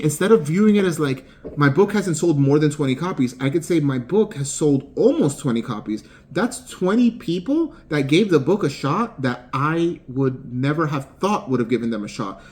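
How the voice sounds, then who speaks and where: A man's voice: fairly high pitch, darkish tone. A man, an author and game developer, giving a casual motivational talk with rambling phrasing, frequent fillers and repeated words.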